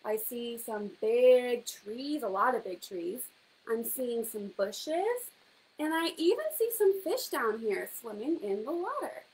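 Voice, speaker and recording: A young woman reads a children's picture book aloud with a bright, high voice that swoops up and down. She talks like a teacher, pausing to quiz the little listeners and coax them to join in. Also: rough recording. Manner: animated, teacherly, asks children questions. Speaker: storyteller reading to children. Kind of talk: children's story time reading.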